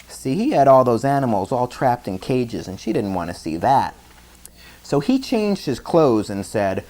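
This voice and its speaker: A man reading a bedtime story aloud, stopping in a chatty way to explain words and retell parts. His pitch rises and falls in a lively way. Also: a little slow.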